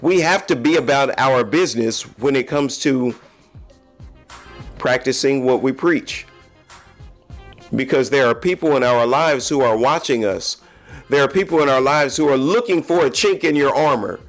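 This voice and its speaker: A man's voice: medium pitch, animated, moderate pace, faint music behind. A man hosting a podcast, talking candidly and confessionally straight to his listeners in a casual solo monologue. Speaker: podcast host.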